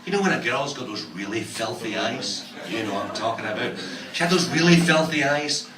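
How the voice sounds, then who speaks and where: A man's voice: mid-range voice, expressive, brisk. A middle-aged Scottish man doing a stand-up set, with a crude, punchy delivery and a habit of teasing the crowd. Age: 40s. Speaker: stand-up comedian. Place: comedy club stage in a bar. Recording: echoey room from far off, crowd. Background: audience laughter.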